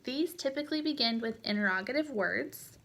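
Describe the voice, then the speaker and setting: Patient female Spanish teacher, gravelly tone. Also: high-pitched, lively intonation, brisk, sharp tone. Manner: patient explaining with frequent fillers. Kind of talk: recorded lecture.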